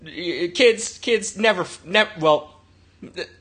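A man's voice: high-pitched, takes it slowly, fairly bright tone, husky. A man co-hosting a podcast, telling a rambling, profane anecdote in casual chat. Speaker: podcast co-host.

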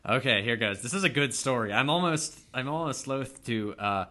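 A man's voice: mid-range voice, moderate pace, bright, forceful tone. A man co-hosting a casual podcast, telling a story in a rambling way full of uhs, restarts and laughs. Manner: rambling, self-interrupting with many uhs and laughs. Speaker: podcast co-host.

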